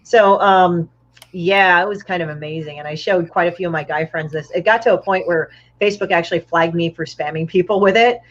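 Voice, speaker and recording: Blunt, sweary woman with a lowish voice, casual chat, dull call sound. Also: brisk, slight background noise. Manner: blunt, profane storytelling. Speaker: guest comic artist.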